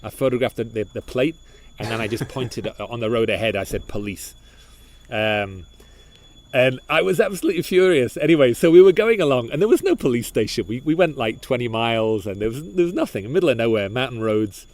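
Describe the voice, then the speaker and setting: A man co-hosting a podcast, telling a story in casual chat, animated and full of restarts and repeated words. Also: medium pitch, a little fast. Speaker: podcast co-host.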